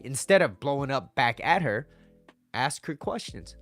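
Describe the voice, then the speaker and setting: A man's voice: mid-range voice, very animated, measured pace, fairly bright tone, soft background music. A man talking casually as a dating coach, coaxing and conversational, often repeating himself. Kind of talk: casual advice talk to camera.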